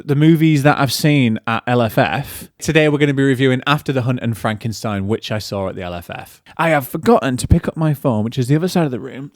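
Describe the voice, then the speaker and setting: A man rambles through his film podcast in a casual, self-deprecating way, often restarting his sentences. His pitch sits in an average range, and the sound is dry and close with no echo. He is recording alone in a room at home. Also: darkish tone. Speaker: podcast host and film critic. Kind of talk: casual solo podcast chat.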